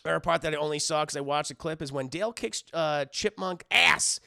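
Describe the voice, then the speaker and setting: A man giving a casual scene-by-scene recap of a show, animated and often acting the scenes out. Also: fairly high pitch, brisk, creaky, noisy background. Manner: animated, laughs, acts out scenes. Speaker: show reviewer.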